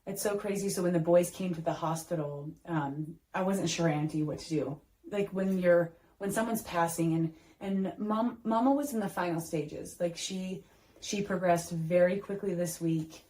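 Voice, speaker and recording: A woman's voice: lowish voice, normal speed, mellow, low-quality recording. A woman in her thirties, a podcast host, telling a heartfelt family story in a casual chat, with lots of fillers and restarts.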